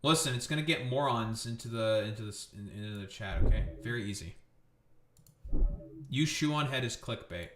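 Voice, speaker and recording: A man's voice: medium pitch, normal speed, roomy sound. A man ranting on a live stream in a profane, sarcastic, exasperated way.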